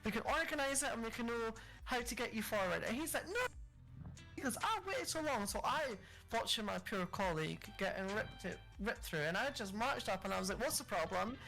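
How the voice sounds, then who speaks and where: Woman podcaster ranting about nightmare customers, high-ish voice, swears a lot, acts out the shouting, faint music under it. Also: fairly quick, creaky, rough recording. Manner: animated, acts out angry customers, swears freely. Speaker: podcast co-host. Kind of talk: casual storytelling chat.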